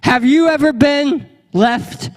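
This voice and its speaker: A young man preaching with a high, bright voice, telling a comic story and slipping into voices for its characters. His voice rings out with a long reverb, as if from a large hall. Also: takes it slowly. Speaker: pastor. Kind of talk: storytelling sermon.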